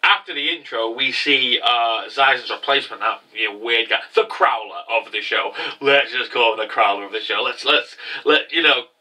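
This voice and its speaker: A man hosting a casual anime episode review, talking in an excitable, rambling way with lots of stammered restarts. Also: medium pitch, moderate pace, hardly any pauses, distant mic.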